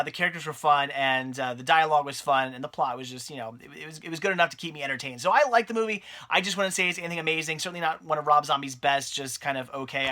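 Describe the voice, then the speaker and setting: A man with a fairly high, bright voice talks through a movie review in a loose, rambling way. He keeps stopping, restarting and filling gaps as he gives his opinions. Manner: rambling, many fillers and restarts. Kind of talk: casual spoken movie review.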